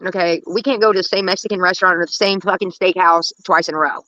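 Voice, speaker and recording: A young woman rattles through profane family anecdotes at a brisk clip, her voice bright and a bit tense. The sound is dry and slightly muffled, like a basic home mic with no room around it. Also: on the low side, no echo. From United States. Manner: rambling, profane, animated anecdotes about her dad. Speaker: livestream host. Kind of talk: casual storytelling.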